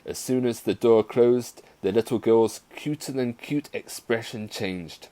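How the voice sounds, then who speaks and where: A male teacher reading a story aloud to his class in a playful, expressive way. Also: medium pitch, unhurried.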